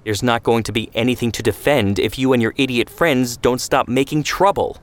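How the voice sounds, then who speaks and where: A man voicing a bookish, practical brother who reasons in a measured way, in a read story. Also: mid-range voice, pitched above the performer's own voice, lightly acted. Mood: earnest.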